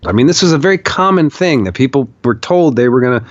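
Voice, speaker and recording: A man's voice: medium pitch, expressive, fast, no room sound. Emphatic man telling a story, muffled audio. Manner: emphatic, profane, repeats phrases for stress. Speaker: podcast guest. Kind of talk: conversational storytelling. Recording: dull, muffled podcast audio.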